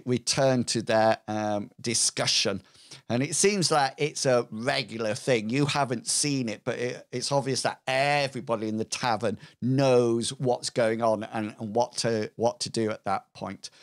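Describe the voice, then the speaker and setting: A man narrating a tabletop game as game master, hesitant and full of fillers. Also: mid-range voice.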